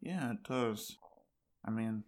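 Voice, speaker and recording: Very deep-voiced woman player. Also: slow, darkish tone.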